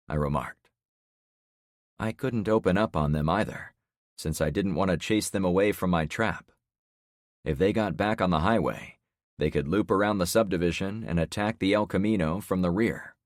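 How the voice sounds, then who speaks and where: Deep-voiced male audiobook narrator. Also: dry recording, studio quality. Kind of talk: scripted first-person narration.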